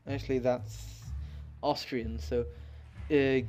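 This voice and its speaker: A young man with a slightly high voice rambles through a game tutorial, full of ums and self-mocking asides. Faint game music plays beneath his desktop-mic commentary. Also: slow pace. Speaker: gaming channel host. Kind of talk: casual let's-play commentary, reading on-screen text aloud.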